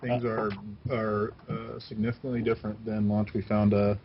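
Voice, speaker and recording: A man from a game studio answering interview questions in a casual, halting way with many fillers. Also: fairly low pitch, flat delivery, muffled recording, noisy background.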